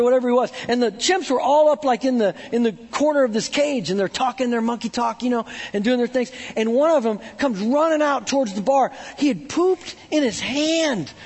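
A man preaching a casual, joking sermon, talking in a chatty way full of "like" and "right?". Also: sits high. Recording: long hall reverb.

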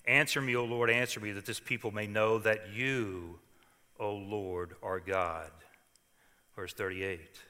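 An older man preaching a sermon, reading scripture dramatically, swinging between hushed lines and loud calls. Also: on the low side, steady tone, unhurried, in a large hall. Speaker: pastor.

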